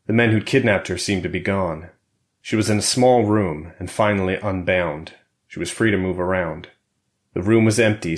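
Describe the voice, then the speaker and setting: A deep, low male voice narrating a thriller audiobook. He reads steadily and evenly, keeping his tone controlled through the action. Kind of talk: scripted narration.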